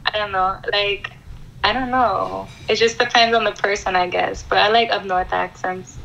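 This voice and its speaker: A woman's voice: medium pitch, fairly even intonation, moderate pace, fairly bright tone. A woman chatting on a video call, hesitant and unsure in her answers. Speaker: stranger on a video chat app. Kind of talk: casual chat. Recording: gravelly voice over dull, lo-fi video call with faint hiss.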